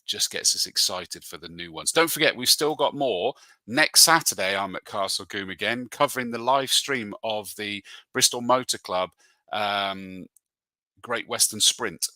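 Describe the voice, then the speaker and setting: A man's voice: fairly low pitch, measured pace, bright, forceful tone, no echo. A man and motorsport commentator hosting a live show, chatting casually and reading out viewer comments in a matey way. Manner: chatty and matey, calls people mate.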